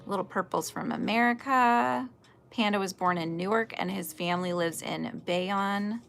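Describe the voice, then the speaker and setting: A woman's voice: mid-range voice, normal speed, vocal fry, a bit bright, slight background noise. A woman in her forties hosting a casual crochet livestream, chatting and answering viewer comments with frequent laughs. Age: 40s. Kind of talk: casual chat while crocheting.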